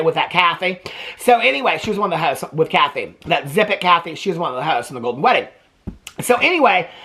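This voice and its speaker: A man chatting in a gossipy, animated way as he reacts to a reality dating show, peppering his talk with "okay?" and "like". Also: sits high. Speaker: TV reaction vlogger.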